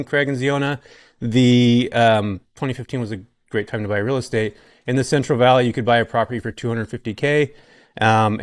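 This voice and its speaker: A man in his forties from California, a podcast guest telling his story in a relaxed, chatty way with plenty of ums. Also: medium pitch, no echo, studio quality. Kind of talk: casual podcast chat.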